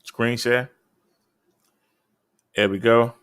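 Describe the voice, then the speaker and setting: A man's voice: medium pitch, fairly even intonation, extremely slow, fairly bright tone, clean tone. A man hosting a casual live stream, chatting with viewers in a laid-back, direct way. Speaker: live-stream host reviewing e-bikes.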